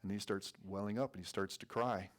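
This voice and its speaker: A man preaching a sermon as a guest speaker in a church, earnest and sometimes quickening with excitement. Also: fairly low pitch. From North Dakota. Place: church sanctuary.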